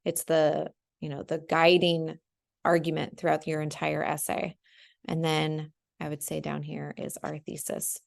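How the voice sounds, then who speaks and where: A young woman teacher walks through an essay outline on screen in a casual screen-share lesson. Her voice is low and gravelly, and she's chatty, full of ums and "right?".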